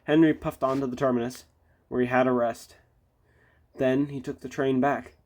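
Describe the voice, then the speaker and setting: A man's voice: medium pitch, little pitch movement, normal speed, darkish tone. A man reading a children's railway storybook aloud with little chatty asides. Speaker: storybook reader.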